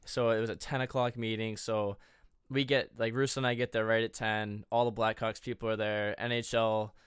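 A man's voice: on the low side, level tone, brisk, clean tone, no echo, studio quality. A man hosting a podcast, bantering playfully and telling stories in casual chat. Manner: playful, joking, storytelling. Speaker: podcast host.

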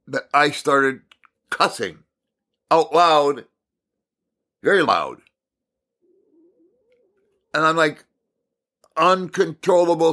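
A middle-aged man giving a personal devotional talk, telling a story with animated emphasis, repeating words and swinging from exasperated outbursts to quiet reflection. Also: fairly high pitch. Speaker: Christian speaker.

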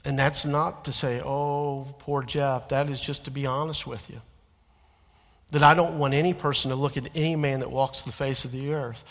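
A male minister delivers an earnest sermon, swinging between loud, emphatic declarations and hushed, confessional asides. His voice sits at an ordinary middle pitch. The sound rings with the long reverb of a large church sanctuary. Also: fairly even intonation, fairly quick.

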